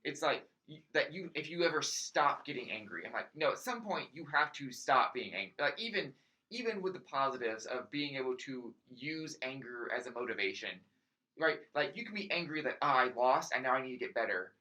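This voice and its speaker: A man co-hosting a casual gaming podcast, talking in quick animated bursts with restarts. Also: medium pitch. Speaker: podcast co-host. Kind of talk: casual chat.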